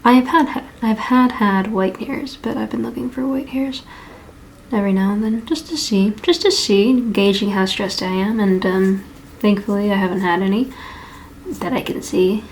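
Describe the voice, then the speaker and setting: A young adult woman, an animator, talks candidly at home in a casual diary vlog, rambling with restarts. Her voice is mid-range at a moderate pace, with slight background noise.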